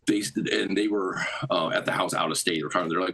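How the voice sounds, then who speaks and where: A man in a played clip who recounts an account in fast, run-on storytelling. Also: deep voice, vocal fry, bright, forceful tone, a little hiss or hum, poor audio.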